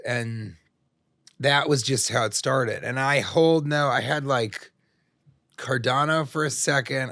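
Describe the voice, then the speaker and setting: A man's voice: medium pitch, gravelly, fairly bright tone, dry recording, clean studio sound. A middle-aged man, a comedian guest on a podcast, telling long rambling stories full of jokes and swearing. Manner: rambling, profane, jokey storytelling. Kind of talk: casual interview chat.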